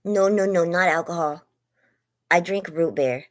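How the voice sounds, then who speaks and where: A woman's voice: on the low side, unhurried. A woman chatting casually on a phone livestream from bed, rambling and gushing hellos to viewers by name, her voice getting worn as she says she's losing it. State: losing her voice, lungs hurting. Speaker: livestream host. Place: in bed at home.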